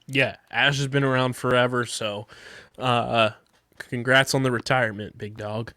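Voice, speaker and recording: A man's voice: medium pitch, fairly even intonation, measured pace, pushed and bright, no echo, studio quality. A man hosting a casual podcast, running through news and a sponsor read with plenty of fillers. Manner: conversational, filler-heavy. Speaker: podcast host.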